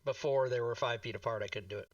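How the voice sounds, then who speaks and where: A man's voice: medium pitch, steady tone, fast talker, no room sound, far from the mic, lo-fi sound. A man playing a tabletop game, joking and irreverent in casual chat. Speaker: player.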